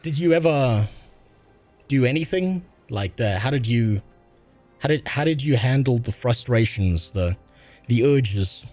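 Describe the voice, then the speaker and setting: A man voicing a young woman in a shrill falsetto. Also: expressive, a little slow, darkish tone, faint music behind, lightly acted. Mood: curious. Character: young woman, curious then screaming in pain.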